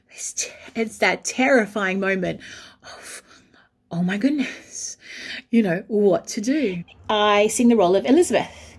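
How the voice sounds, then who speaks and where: A woman, an opera singer, telling a backstage anecdote in an animated way and breaking into sung phrases. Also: medium pitch. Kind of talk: storytelling anecdote.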